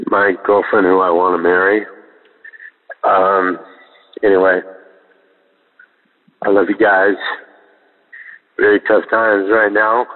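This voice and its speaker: A man phoning in a prayer request, holding back tears and speaking haltingly. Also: deep voice, little pitch movement. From San Francisco Bay Area, USA. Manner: halting, hesitant. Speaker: caller. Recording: tinny phone line with long reverb.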